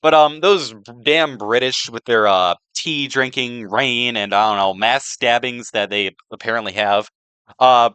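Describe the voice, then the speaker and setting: A young man with a bright, crisp voice rambles through a joke slideshow, loading his talk with fillers and sarcastic asides. His pitch jumps around a lot. He is recorded close up on a dry mic. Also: animated, moderate pace, dry recording. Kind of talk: rambling comedic presentation.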